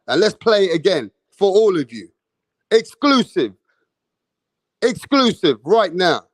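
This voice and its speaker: A man giving casual boxing commentary, excitable and slangy, repeating himself for emphasis. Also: high voice, unhurried, no room sound.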